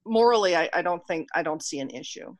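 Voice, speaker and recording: A woman guest author in a casual interview, speaking thoughtfully and haltingly as she searches for words. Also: lowish voice, animated.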